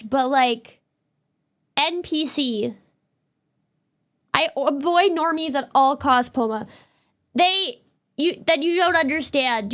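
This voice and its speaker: High bright-voiced woman streamer from Canada. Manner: rambling, exasperated, fast-talking. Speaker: VTuber streamer. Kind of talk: casual gameplay commentary.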